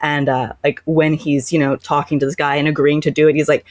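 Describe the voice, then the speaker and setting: Enthusiastic podcast co-host, medium pitch, dry close mic. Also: little pitch movement, brisk, no echo. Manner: enthusiastic, lots of fillers. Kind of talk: casual book-club discussion.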